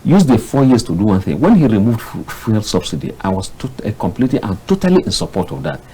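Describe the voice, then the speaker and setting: A Nigerian man with a husky voice argues on a TV panel. He sounds exasperated and impassioned, and his pitch swings dramatically, shooting up high in his outbursts. The sound is a studio mic. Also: very animated, fast talker, mellow, low-quality recording. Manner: impassioned, exasperated, jumps to sudden high bursts. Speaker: public affairs analyst. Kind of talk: heated studio panel commentary.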